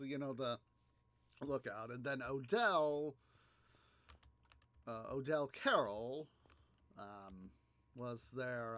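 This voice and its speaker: A man hosting a gaming video, telling a story in a halting, rambling way, full of fillers and restarts as he plays. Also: medium pitch, a bit bright, dry recording. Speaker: gaming channel host. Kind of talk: casual gameplay commentary.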